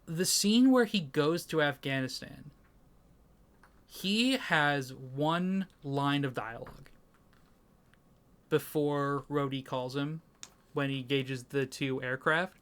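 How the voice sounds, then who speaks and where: A man's voice: a little high, slow pace, long pauses, fairly bright tone. A man co-hosting a casual movie review podcast, talking with enthusiasm, swearing casually and trailing off mid-sentence. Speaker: podcast co-host.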